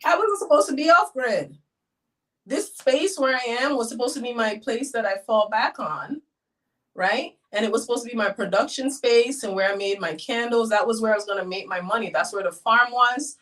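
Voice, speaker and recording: A middle-aged woman from the United States talks as an interview guest and tells her story animatedly. She acts out what people said along the way. Her voice sits on the higher side and sounds a bit distant from the mic. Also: lively intonation, moderate pace, a bit bright. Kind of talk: casual interview.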